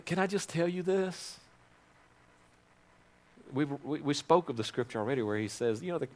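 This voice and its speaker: A man preaching a sermon to his congregation, moving from loud, fervent prayer to quiet, intimate asides and calling on people to repeat phrases after him. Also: on the high side. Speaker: pastor.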